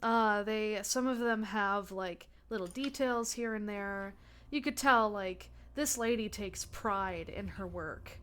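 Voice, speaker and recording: A woman's voice: mid-range voice, slow pace, a bit bright, smooth. Chatty young woman game master. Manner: chatty, many fillers and restarts. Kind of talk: narrating a tabletop game.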